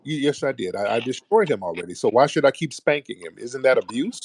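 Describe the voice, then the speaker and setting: A man's voice: mid-range voice, expressive, a little fast, darkish tone, breathy edge, no echo. A man hosting a heated call-in debate, mocking and combative, talking over his caller. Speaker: host.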